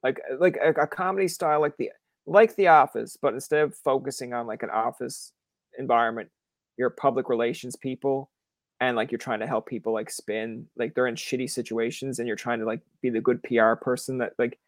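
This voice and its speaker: A young Canadian man hosts a podcast, chatting casually and talkatively in an interview. He riffs through stories at a slightly fast clip, animatedly acting out quoted voices and swearing freely. His mid-pitched voice is recorded close and dry, with no room sound.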